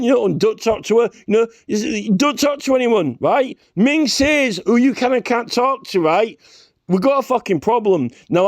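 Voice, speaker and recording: A man's voice: high voice, darkish tone, no echo, clean studio sound. A man delivering a rambling, profane rant straight to camera, checking in with a constant "right?". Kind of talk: ranting vlog monologue.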